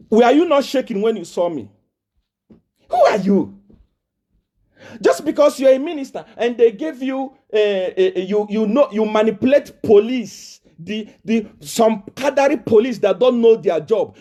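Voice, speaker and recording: A man's voice: high-pitched, mellow. A Nigerian man, a prophet, giving a confrontational live video address full of taunts and repeated rhetorical questions. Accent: Nigerian English.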